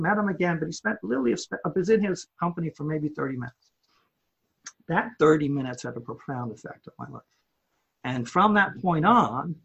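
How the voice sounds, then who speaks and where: A man who owns a home improvement company, telling a story in a podcast interview with animated delivery, often repeating words as he builds it up. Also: high voice, vocal fry, slightly rough, muffled recording.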